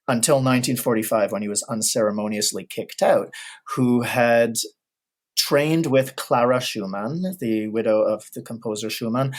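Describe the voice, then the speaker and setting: Guy in a podcast interview, thoughtful, explains things patiently, average pitch. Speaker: guest, historical piano recording expert. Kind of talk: casual conversational interview.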